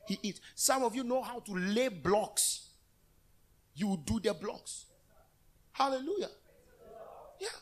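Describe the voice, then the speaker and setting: Animated man preaching, husky voice. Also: high-pitched, takes it slowly, long pauses. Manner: animated, call-and-response preaching. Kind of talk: sermon. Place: church hall.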